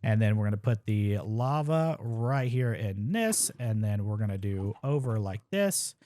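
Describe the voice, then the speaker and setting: In an unhurried, animated way, a young man talks through his speedrun live, musing aloud and wryly knocking himself for his mistakes. His voice is on the low side with a dark tone, and the commentary stays casual.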